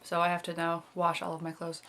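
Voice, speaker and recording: A young woman in her twenties talks through a casual video diary. She rambles and circles back, full of fillers and small giggles. Her voice sits slightly lower than most women's. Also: completely flat delivery, fairly quick, fairly bright tone, slight background noise. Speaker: vlogger.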